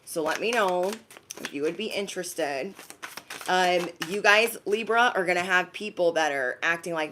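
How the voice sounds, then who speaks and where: A woman's voice: fairly low pitch, moderate pace, fairly bright tone, slight background noise. A woman giving a live-streamed zodiac reading. She is chatty and slangy, talks straight to her viewers, and often acts out quoted voices. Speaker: intuitive card reader.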